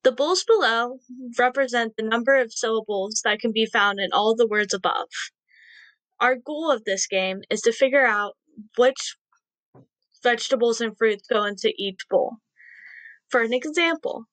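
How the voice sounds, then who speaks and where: A young woman teaching young children a syllable game, speaking slowly and encouragingly with sing-song praise. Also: a little high, a bit bright, no echo. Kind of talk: read-aloud lesson for young children.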